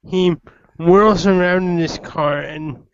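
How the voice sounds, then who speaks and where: A man running a tabletop game who narrates haltingly with many ums, on a muffled lo-fi recording. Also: sits high, fairly even intonation, a little hiss or hum. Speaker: game master.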